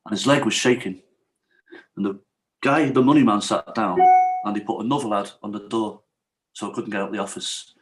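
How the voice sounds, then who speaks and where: A man's voice: on the low side, fairly even intonation, fairly quick, long pauses, rough recording. A man, a podcast guest, telling a true story in a casual interview and acting out the quoted dialogue.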